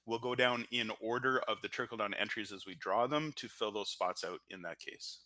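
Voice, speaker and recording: A man's voice: lowish voice, moderate pace, sharp tone, dry recording. A man with a Canadian accent hosting a live-streamed lottery draw, chatty and joking as he talks. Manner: chatty and joking, thinks aloud with fillers. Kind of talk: upbeat live-stream commentary. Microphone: audio-only stream mic.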